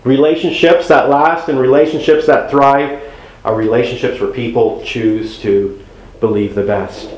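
A man's voice: mid-range voice, fairly even intonation, unhurried, roomy sound, poor audio. A man speaking as a pastor to an audience about marriage, conversational and humorous, acting out little quotes from spouses. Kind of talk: sermon-style marriage talk.

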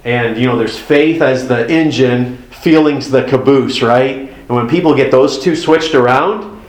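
A man's voice: medium pitch, unhurried. Echoey preaching man, conversational. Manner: conversational preaching with folksy asides and acted-out dialogue. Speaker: pastor. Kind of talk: sermon.

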